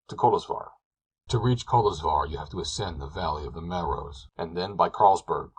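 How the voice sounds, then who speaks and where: A man narrating a classic novel as an audiobook, in a measured, descriptive storytelling manner. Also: low-pitched, breathy edge, poor audio.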